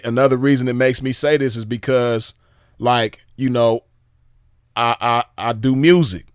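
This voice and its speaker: A man's voice: medium pitch, no echo, clean studio sound. A man giving casual, emphatic commentary, repeating himself, swearing and firing off rhetorical questions. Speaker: commentator reviewing drama.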